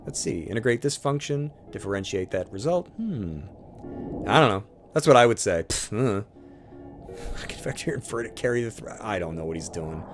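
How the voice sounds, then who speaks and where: Wry man joking over a game, animated. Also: lowish voice, moderate pace. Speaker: game let's player. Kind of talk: let's play commentary reading game text aloud. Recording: game music behind voice.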